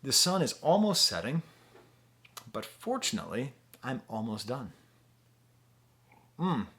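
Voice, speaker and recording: A man's voice: medium pitch, big pitch swings, unhurried, a bit bright. A man giving a casual album review to camera at home, chatty and thinking aloud with fillers and restarts. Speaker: music reviewer.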